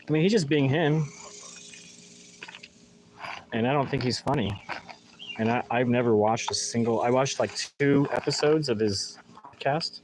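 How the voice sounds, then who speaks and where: Potting plants in an outdoor garden, a gardening vlogger chats casually on a live vlog recorded with a phone in his hand. His medium-pitched voice comes through over a noisy background, and he rambles with sarcastic mock enthusiasm.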